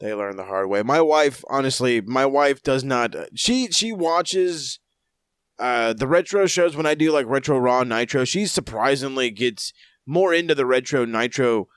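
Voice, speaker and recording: A man's voice: mid-range voice, normal speed, clean tone, no room sound, studio quality. Profane joking wrestling podcast man. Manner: rambling, profane, jokey recaps. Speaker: podcast co-host. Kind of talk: casual wrestling review chat.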